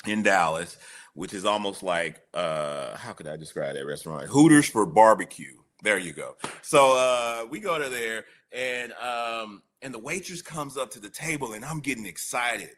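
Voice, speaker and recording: A man as a podcast guest, telling a personal recovery story in an animated way. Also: fairly low pitch, moderate pace. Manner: animated storyteller, acting out quoted voices.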